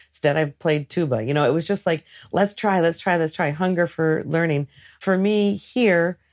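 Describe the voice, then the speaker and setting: A woman sits for a casual interview about running a sailing program. She has a low voice with a gravelly edge. She tells lively stories and acts out the things people say to her. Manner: lively storyteller who acts out what others say. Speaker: guest, head of a sailing program.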